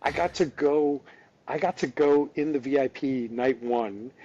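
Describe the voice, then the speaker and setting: A man in his fifties, a podcast guest, telling stories in a casual, excitable way, tumbling over his own restarts. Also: mid-range voice, unhurried, dull audio, a little hiss or hum. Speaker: podcast guest, dance dad. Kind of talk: casual storytelling chat.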